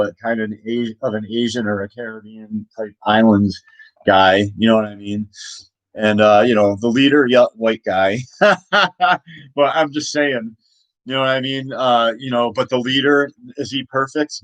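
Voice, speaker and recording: A man's voice: medium pitch, steady tone, moderate pace, dry recording, rough recording. A man talking casually about his own comic, rambling with many restarts and laughs. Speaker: comic creator.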